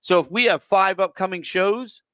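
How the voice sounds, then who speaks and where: A man hosting a casual podcast chat for his theater, telling stories in a profane, animated rant. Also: high voice, moderate pace, clean tone, no echo. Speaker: theater venue host.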